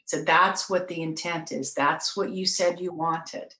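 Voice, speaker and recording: A talk show host with a lowish voice tells an audience a personal story at a measured pace, animatedly acting out the voices of the people in it. The room sounds echoey.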